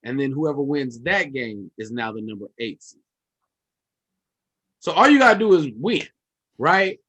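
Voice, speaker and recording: Lively, bright-voiced man. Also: mid-range voice, unhurried. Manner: animated, jumps in eagerly and explains things step by step. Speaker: comedian on a podcast. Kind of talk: casual comedic chat.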